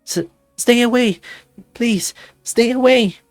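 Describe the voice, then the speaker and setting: A man's voice: medium pitch, slow pace, a bit bright, no echo, faint music behind. A man voicing a frightened young human man who stammers and pleads. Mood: terrified.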